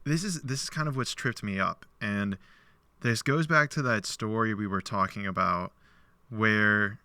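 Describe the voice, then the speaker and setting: Podcast host, male, lowish, bright and crisp voice, dry close sound, animated storyteller voicing quoted lines. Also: measured pace, no room sound. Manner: loose speech with many "like" fillers. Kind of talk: casual conversation, retelling a parable.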